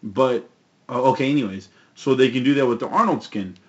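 A man co-hosting a casual movie chat, halting and full of fillers and casual swearing. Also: medium pitch, dull audio. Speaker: podcast co-host.

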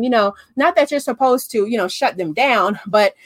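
A woman coaching in a casual, chatty way, often checking in with "okay?" and acting out quotes in animated voices. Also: on the high side, normal speed, no echo, studio quality. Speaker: business coach. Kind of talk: casual talk to camera.

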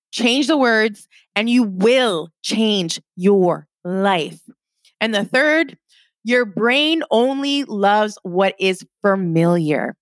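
A young woman hosts a motivational podcast with an upbeat, encouraging tone and chatty fillers. Her voice sits a little high. The sound is dry and close, with no room around it. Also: a bit bright, no room sound. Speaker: podcast host, life coach.

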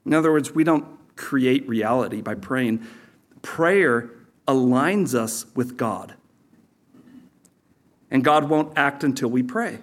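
Lively joking man preaching a sermon. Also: slow pace, pauses often. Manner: animated, jokey, pitch jumps up for emphasis. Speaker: pastor. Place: church.

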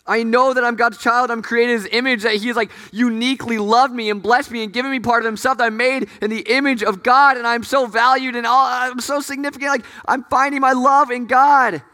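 A man's voice: very high-pitched, steady tone, a little fast, hardly any pauses, sharp tone, voice pushed up. A man voicing a young woman in a garden, caught in longing doubt and speaking her thoughts earnestly. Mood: yearning. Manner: earnest, wondering inner monologue. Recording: echoey hall.

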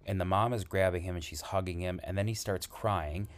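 A man who works as an emergency responder, earnestly retelling a frightening call in halting, conversational storytelling. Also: sits low, fairly even intonation, slight background noise. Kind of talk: spoken storytelling.

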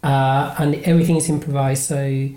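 A man's voice: medium pitch, little pitch movement, moderate pace, mellow. Brief: Spanish-accented male podcast host, rambling and casual, non-native English, roomy echo. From Spain. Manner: rambling, many fillers and restarts. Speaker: podcast host and improv comedian.

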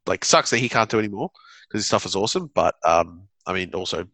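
A man's voice: low voice, expressive, quick pace, creaky, fairly bright tone, dry recording. A man in casual chat on a call, rambling with lots of fillers, passing on updates. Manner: rambling, filler-heavy, upbeat.

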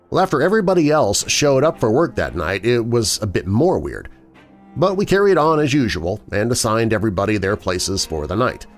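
A man hosting a show and narrating listener horror stories in a measured storytelling manner. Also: lowish voice, sing-song. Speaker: host and narrator. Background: faint music.

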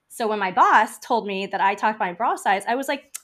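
A woman guest on a podcast, telling stories in a chatty, animated way with frequent "like" fillers. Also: medium pitch, moderate pace. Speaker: podcast guest, funeral home founder. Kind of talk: casual interview storytelling.

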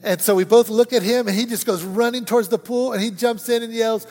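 Animated high-voiced pastor in a reverberant hall. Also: male voice, brisk, soft background music. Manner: animated storytelling, acts out voices and shouts. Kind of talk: sermon. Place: church sanctuary. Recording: long church hall reverb.

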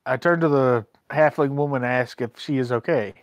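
A player speaking in character in a tabletop game, wry and unhurried. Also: mid-range voice, no room sound.

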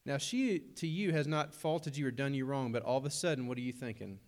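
A man's voice: mid-range voice, a little fast, few pauses, darkish tone. A young adult man, preaching a sermon in a conversational way with humorous asides. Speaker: pastor.

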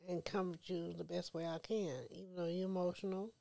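Middle-aged woman guest, gravelly low voice, calm and plain-spoken. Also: brisk. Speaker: guest, host's mother. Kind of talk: casual chat.

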